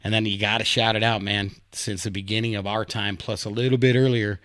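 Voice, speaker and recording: A man's voice: fairly low pitch, flat delivery, a little fast, a bit bright, no room sound, clean studio sound. A man co-hosting a podcast in casual banter, laid-back and profane, laughing easily, talking into a podcast microphone. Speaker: podcast co-host.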